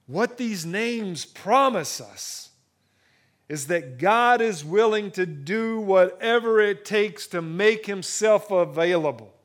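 Male pastor, slightly higher voice, preaching with shifts from quiet intimacy to excited build-ups. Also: takes it slowly. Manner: dynamic preaching, drops to hushed intimacy then builds to rising excitement; repeats and restarts phrases. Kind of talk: sermon.

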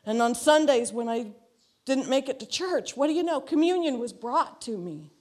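An earnest woman with a fairly high voice shares her personal testimony before a church. She talks in a reflective way, repeating phrases to drive them home, and acts out the dialogue in her story. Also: lively intonation, moderate pace, darkish tone. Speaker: church member giving a testimony.

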